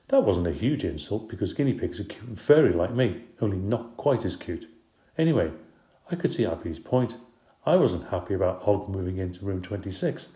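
A man's voice: on the low side, warm tone, roomy sound. A man narrating a children's story in the first person, in a light, chatty, playful way. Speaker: audiobook narrator.

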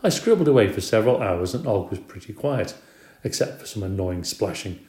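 A man narrating a children's story with gentle, expressive storytelling. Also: on the low side, brisk. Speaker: audiobook narrator. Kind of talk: scripted narration. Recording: roomy echo.

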